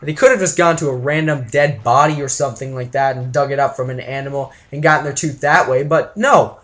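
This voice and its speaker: A man's voice: mid-range voice, brisk, fairly bright tone. A young man from Canada telling a wild story to his viewers in a joking, exaggerated vlog style. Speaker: vlogger.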